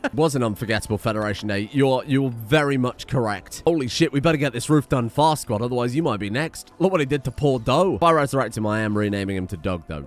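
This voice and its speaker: A man giving let's-play commentary, joking and swearing at his game characters as he plays. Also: mid-range voice. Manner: animated, swearing, joking asides to the colonists. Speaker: gameplay commentator.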